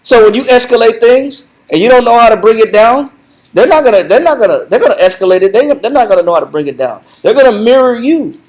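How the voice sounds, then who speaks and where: A man leading a Bible study lesson in a conversational, animated way, repeating himself and laughing often. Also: very high voice, fast talker, poor audio. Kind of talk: conversational teaching.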